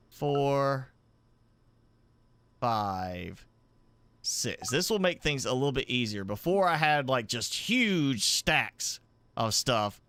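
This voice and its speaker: A man talks through a live game stream at an unhurried pace, working things out aloud, stopping and correcting himself as he goes. His voice is smooth and clear, recorded close and dry at a home desk microphone. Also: medium pitch, fairly bright tone, no echo. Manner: thinking aloud, halting and self-correcting. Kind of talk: live gameplay commentary.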